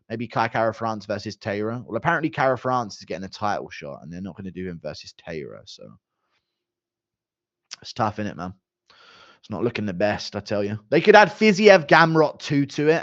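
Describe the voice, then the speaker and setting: Lively young man streaming. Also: medium pitch, no echo, dull audio. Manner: animated and joking, with mild swearing. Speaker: streamer reading chat. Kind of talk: casual live-stream chat.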